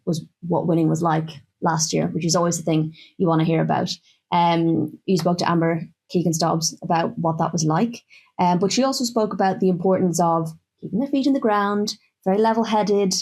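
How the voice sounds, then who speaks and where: A woman's voice: fairly low pitch, a little mellow. A woman co-hosting a casual football podcast, chatty and loose with plenty of filler words. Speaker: podcast co-host.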